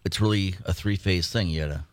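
Low dry-sounding guy on local radio, rambles through his stories, repeats himself a lot. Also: fairly quick, dry recording. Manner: rambling storyteller, repeats words. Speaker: co-host, mayor. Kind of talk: casual radio chat.

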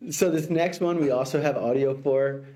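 A man co-hosting a podcast, presenting headlines in a relaxed, chatty way. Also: mid-range voice, normal speed. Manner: easygoing, laughs along. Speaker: podcast co-host reading headlines. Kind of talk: casual chat.

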